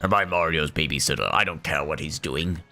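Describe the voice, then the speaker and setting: A hoarse man voicing a pompous, bossy male monster king with a pirate-like growl. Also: extremely low pitch, a little fast, sharp tone, pitched below the performer's own voice, exaggerated voice. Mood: grumpy.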